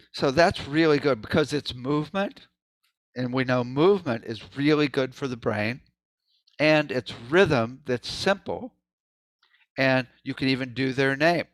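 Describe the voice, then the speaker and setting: A man's voice: medium pitch, animated, measured pace, long pauses, dry recording. A man giving an informal presentation, talking loosely with many asides and demonstrating hums and rhythm syllables aloud. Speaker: presenter at a sound healing meeting.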